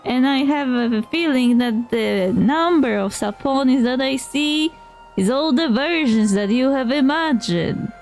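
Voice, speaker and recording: Woman streamer, high voice, reads game scenes and chats over them, light music underneath. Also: creaky, a little mellow. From Poland. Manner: voices characters and comments on the story. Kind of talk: reading game dialogue aloud. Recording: faint music behind.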